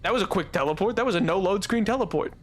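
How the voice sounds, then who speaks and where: A young man streaming a game live, rambling and excitable, laughing often. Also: high-pitched, quick pace, a little hiss or hum.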